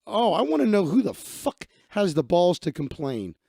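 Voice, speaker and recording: A man on a live stream with a gravelly, slightly high voice that swings up and down a lot as he talks. He reads news out loud and breaks off into blunt, profane rants. The sound is close and dry. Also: big pitch swings, normal speed, dry recording. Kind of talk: live stream commentary, reading news aloud.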